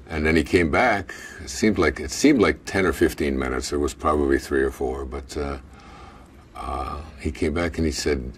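A man casually recounting a personal story, halting and restarting with many fillers and little chuckles. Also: extremely low pitch, a bit bright, recorded from a distance, a little hiss or hum.

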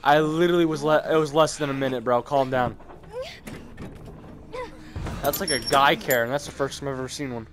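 A young man giving joking, excitable commentary while playing a game, trash-talking the characters. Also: mid-range voice, brisk, long pauses, a crowd in the background. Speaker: gaming youtuber. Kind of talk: casual gaming commentary.

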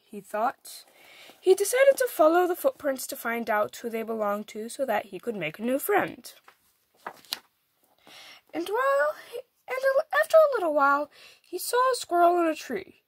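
Female storyteller, picture-book read-aloud, high, lively, dry sound. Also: moderate pace, no echo. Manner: animated, expressive.

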